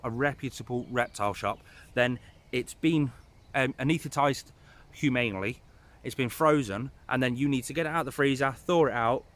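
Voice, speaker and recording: A man of middle pitch talks loosely through a list of tips, losing track of where he is and doubling back. He is recorded outdoors, and his tone stays easy and conversational. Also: fairly bright tone. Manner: rambling, loses his place, chatty asides. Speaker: reptile keeper giving pet advice. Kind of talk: casual advice vlog. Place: outdoors in the rain.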